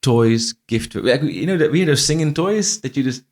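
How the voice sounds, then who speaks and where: This middle-aged man, a franchise CEO appearing as a podcast guest, tells stories casually in an interview, often restarting and repeating phrases. His mid-range voice is animated and darkish at normal speed, and his non-native English carries a faint Irish tinge.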